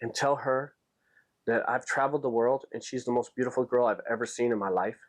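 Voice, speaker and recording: A man's voice: mid-range voice, fairly quick, lightly acted. A man voicing a pushy rich businessman who eagerly boasts while pleading for a favor. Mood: eager boasting.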